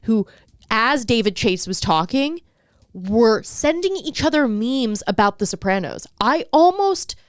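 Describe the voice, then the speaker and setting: A woman's voice: on the high side, very animated, unhurried, no room sound, clean studio sound. A young woman co-hosting a podcast, ranting in an emphatic, profane, casual way. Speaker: podcast co-host. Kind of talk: casual chat.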